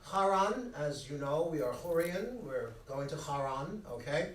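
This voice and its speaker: High-voiced joking preacher, echoey sanctuary. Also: male voice, lively intonation, a little hiss or hum. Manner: joking storyteller with quick asides to the congregation. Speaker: rabbi leading Friday night services. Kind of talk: humorous conversational sermon. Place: synagogue sanctuary. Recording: echoey hall, mic at a distance.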